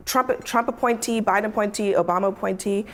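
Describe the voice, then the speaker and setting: A woman hosting a televised panel discussion, speaking in a measured, deliberate way. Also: mid-range voice. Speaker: panel show host.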